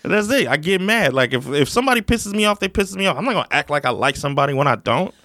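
A man's voice: a little high, sing-song, fast, a bit bright, no room sound, clean studio sound. A man in casual conversation, talking bluntly and emphatically with frequent swearing. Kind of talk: casual chat.

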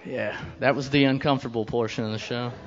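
A man's voice: mid-range voice, fairly even intonation, fast talker, lo-fi sound, noisy background. A man in his thirties doing a stand-up comedy set, telling a crude story with brash, profane delivery and quoted voices.

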